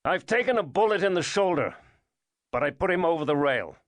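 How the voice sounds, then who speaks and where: A man putting on a shot and wounded man, his voice pushed noticeably higher and louder than the narrator's own. He sounds strained and urgent as he fades toward lightheadedness, read dry and close in an audiobook. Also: animated, fairly quick, dry recording. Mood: strained urgency.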